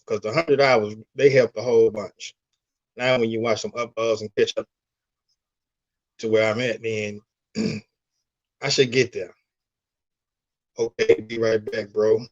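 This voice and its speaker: A man chatting loosely on a live stream, full of slang, greeting viewers and reading their comments aloud. His voice sits in an ordinary middle range. The audio comes through dull and lo-fi. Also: mid-range voice. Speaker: livestream host. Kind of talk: casual live stream chat.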